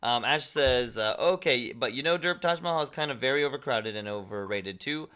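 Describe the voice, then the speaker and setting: A man's voice: mid-range voice, expressive, a little fast, pushed and bright, smooth. A young man streaming a game, reading viewer messages aloud and chatting back casually. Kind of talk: casual live-stream chat.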